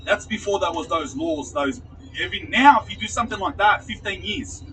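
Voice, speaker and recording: A man's voice: high-pitched, lively intonation, a little fast, sharp tone, recorded from a distance, slight background noise, low-quality recording. A man with an Australian accent casually telling a rambling story, swearing and laughing at himself.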